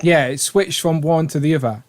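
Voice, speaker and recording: Excitable British man hosting a live stream. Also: fairly high pitch, normal speed, noisy background. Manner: enthusiastic, rambling, reads out chat names. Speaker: livestream host. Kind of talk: casual live-stream chat.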